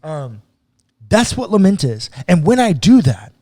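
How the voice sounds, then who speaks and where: A pastor talks through a psalm in a relaxed podcast chat, his voice sitting a little high for a man. He is earnest but casual and slips into everyday speech. The sound is close and dry, with no room around it. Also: measured pace, dry recording. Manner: casual and earnest, slips into acted quotes of God. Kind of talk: podcast conversation, teaching on scripture.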